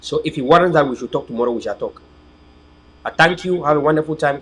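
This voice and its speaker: A man's voice: a little high, quick pace, fairly bright tone, rough recording. A man, hosting an online political channel in a rambling, preachy, emphatic livestream monologue to his viewers.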